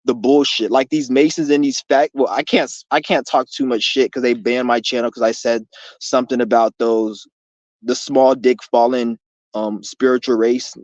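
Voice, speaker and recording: A man's voice: mid-range voice, steady tone, normal speed, darkish tone, dry recording, muffled recording. Profane young man rambling outdoors. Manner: profane, loose, streetwise talk with many restarts. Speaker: streamer hosting a Q&A. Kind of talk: rambling livestream monologue. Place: outdoors in the rain.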